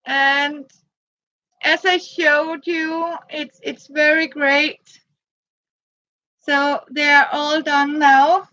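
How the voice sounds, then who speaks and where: A woman whose first language is Danish, showing her handmade boots and materials in halting, hesitant English with many pauses to search for words. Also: sits high, little pitch movement, pushed and bright, no room sound, lo-fi sound. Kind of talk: casual show-and-tell.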